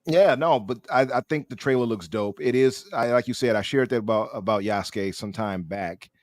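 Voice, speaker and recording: A man hosting a casual podcast chat, talking in an opinionated, animated way and often restarting his sentences. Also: medium pitch, moderate pace, no room sound. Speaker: podcast host.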